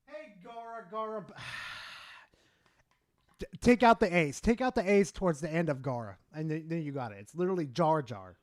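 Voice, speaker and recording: A young man streaming live, excitable and swearing, swinging from loud shouts to low mumbles. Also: moderate pace, dry recording. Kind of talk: casual live-stream chat.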